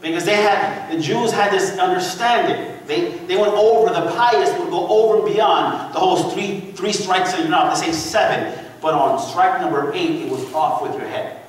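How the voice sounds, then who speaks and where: A man preaching a sermon to a congregation in a church, telling a story with lively calls for the listeners to answer back. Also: sits high, moderate pace. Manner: animated storytelling with call-and-response to the congregation. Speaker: pastor. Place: church sanctuary. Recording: echoey church hall from far off.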